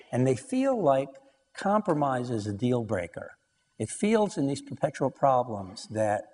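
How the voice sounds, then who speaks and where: Husky man lecturing in a hall. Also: mid-range voice, darkish tone. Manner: anecdotal, acts out dialogue, frequent "you know". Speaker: lecturer on couples research. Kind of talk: conversational lecture.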